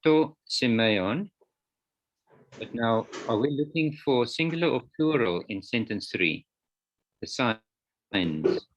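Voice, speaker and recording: A man's voice: mid-range voice, expressive, slow pace. A man lecturing students on Greek grammar, explaining patiently step by step in an online class. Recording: dull lo-fi online call audio.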